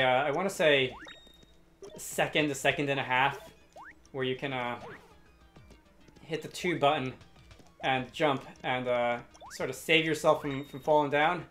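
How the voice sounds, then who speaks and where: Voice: medium pitch, fairly bright tone. A let's play commentator giving rambling, chatty, self-deprecating commentary over a game. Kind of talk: casual video game commentary. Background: game music.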